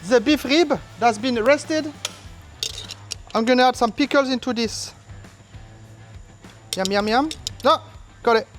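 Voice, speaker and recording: A barbecue cook hosting a casual cooking demonstration, explaining each step in a relaxed way and breaking into silly asides and sing-song exclamations. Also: sits high, measured pace, pauses often, faint music behind. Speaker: barbecue cook and channel host. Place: outdoors at a large smoker.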